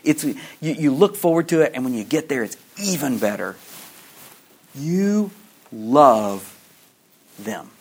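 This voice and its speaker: A man telling a slow, dramatic story in a sermon, often dropping to a hushed low voice at emotional points and repeating his words as he builds toward a question. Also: lively intonation, husky. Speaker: preacher. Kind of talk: sermon illustration.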